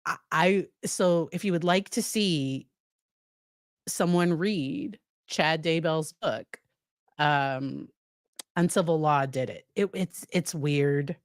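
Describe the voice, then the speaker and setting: A woman psychologist talks through a court case on a live stream. Her voice sits low and her pace is slow and easygoing. She addresses viewers in the chat directly, with plenty of restarts and fillers. The recording is dry and close. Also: dry recording. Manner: conversational, many restarts and fillers.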